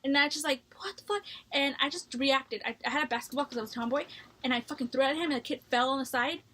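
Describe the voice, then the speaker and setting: A young woman vlogging a candid personal story, blunt and quick to swear, restarting her sentences as she goes. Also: sits high, fairly even intonation, pushed and bright, a little hiss or hum. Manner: heated when retelling the story. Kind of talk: casual storytelling to camera.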